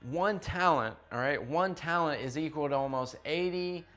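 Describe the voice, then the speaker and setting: A man's voice: fairly high pitch, normal speed, a bit bright, faint music behind. A young man preaching a youth sermon in an emphatic, conversational way, often checking in with his listeners. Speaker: youth pastor.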